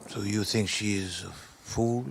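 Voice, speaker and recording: Fussy elderly Belgian detective, Belgian French accent, gravelly low voice, measured and formal, noisy distant recording. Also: male voice, steady tone. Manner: measured, formal, probing questions.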